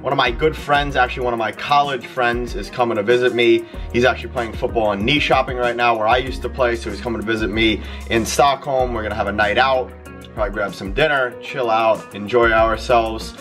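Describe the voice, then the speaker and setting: A man's voice: mid-range voice, fairly even intonation, a little fast, fairly bright tone, faint music behind. A young man in his twenties, a soccer player chatting casually in a laid-back vlog. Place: home, Sweden.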